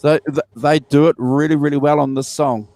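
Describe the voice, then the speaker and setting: A man's voice: a little high, steady tone, moderate pace, warm tone. A man, co-hosting a casual album review chat, enthusiastic and repeating himself with many fillers. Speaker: podcast co-host.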